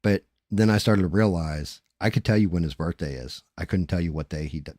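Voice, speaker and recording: A man's voice: sits low, fairly quick, darkish tone, dry recording, studio quality. A middle-aged man, a streamer, talking candidly and rambling in casual chat, with some cursing.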